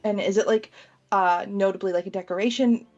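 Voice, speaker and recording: A woman's voice: mid-range voice, fairly even intonation, fairly quick, darkish tone, highs cut off. A woman playing in a tabletop game, talking casually and hesitantly with many fillers. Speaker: player.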